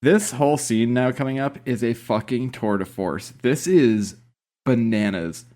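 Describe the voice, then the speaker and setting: A man co-hosting a podcast, chiming in with quick wry remarks about a TV show. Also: medium pitch, mellow. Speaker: podcast co-host. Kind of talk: casual chat.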